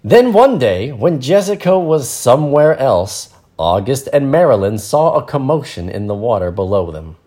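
A man reading a picture book aloud and explaining words in a relaxed, playful way. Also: medium pitch, moderate pace, hardly any pauses. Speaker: storyteller and English teacher.

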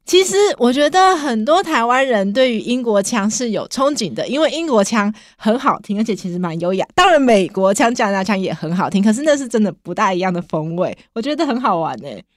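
A woman's voice: a little high, lively intonation, brisk, hardly any pauses, dry recording, studio quality. A woman hosting a bilingual podcast lesson, chatty and encouraging as she prompts her guest. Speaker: podcast host.

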